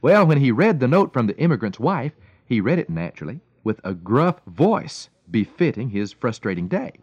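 Male radio devotional speaker, storytelling with big pitch swings, dry close mic. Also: moderate pace, slightly rough, dry recording, lo-fi sound. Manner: storytelling, warm emphatic delivery with lively swings and chuckles.

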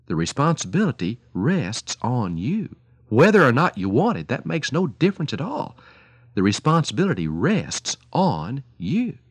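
A man's voice: mid-range voice, wildly swooping pitch, normal speed, husky, dry recording. A man preaching on the radio, telling stories in an earnest, pleading way and speaking to parents directly.

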